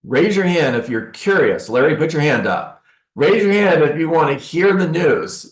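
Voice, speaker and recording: A man's voice: on the high side, moderate pace, echoey room. A man coaching a live audience in a seminar, acting out sales calls with sarcastic asides. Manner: animated, acts out sales calls. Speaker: real estate coach. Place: training room with an audience.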